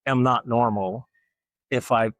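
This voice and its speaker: A man from Alabama, telling animated family stories as an interview guest. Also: mid-range voice, slow, dry recording. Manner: animated storyteller, acts out quoted voices. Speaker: guest, artist. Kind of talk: casual storytelling interview.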